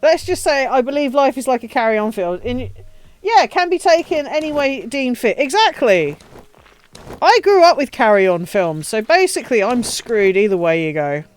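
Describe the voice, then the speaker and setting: Streamer, smooth clear voice, bouncy animated pitch, bawdy humour, casual commentary. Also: moderate pace. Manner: crude, joking, laughs often. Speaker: live streamer. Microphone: desk mic, voice only.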